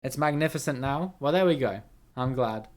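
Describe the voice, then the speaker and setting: A man's voice: mid-range voice, animated, moderate pace. A man hosting a casual live stream of a geography guessing game. He chats with viewers, reads their names out, laughs easily and swears now and then.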